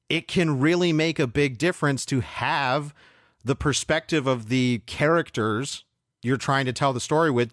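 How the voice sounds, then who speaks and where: A man co-hosting a film podcast, reviewing movies in a measured, thoughtful, opinionated way. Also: medium pitch, fairly bright tone, no echo, studio quality. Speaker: podcast co-host. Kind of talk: casual film review chat.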